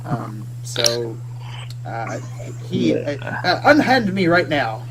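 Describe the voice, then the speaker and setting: A man's voice: medium pitch, very animated, slow, noisy background. A man voicing a flustered, cowardly male merchant who stammers and pleads. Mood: pleading.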